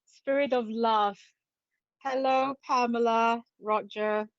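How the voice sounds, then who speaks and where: Hosting her psychic live stream, this English psychic medium and spirit artist welcomes viewers in a playful, talkative manner, with frequent laughter. She speaks slowly in a fairly high, steady voice. The lo-fi sound is dull and dry, with a close feel.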